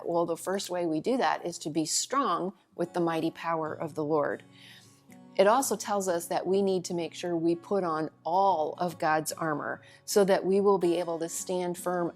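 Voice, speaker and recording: Woman, Bible study teacher, casual earnest talk, lower pitch, soft music underneath. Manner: earnest, casual, loose with fillers.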